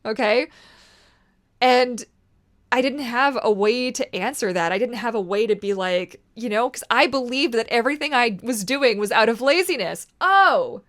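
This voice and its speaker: A woman in her thirties vlogs casually to camera, animated and emphatic, swearing freely and arguing back at herself. Her pitch is fairly high and she talks at a normal speed.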